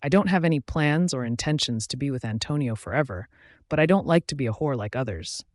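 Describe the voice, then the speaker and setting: A man's voice: mid-range voice, lively intonation, brisk, dry recording. Man narrating an audiobook, dry. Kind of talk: scripted first-person narration.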